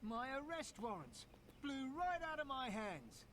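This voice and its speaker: An actor playing a harried, pushy town guard who wheedles and bargains. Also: male voice, very high-pitched, very animated, measured pace, fairly bright tone, slight background noise, full character voice. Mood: wheedling.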